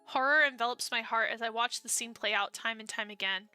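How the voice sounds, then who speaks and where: Playing a dating-sim on stream, a young woman reads the narrative expressively and chimes in with eager reactions, speaking fairly quickly. The recording is close and dry without room sound, her voice bright, smooth and a little high over faint game music.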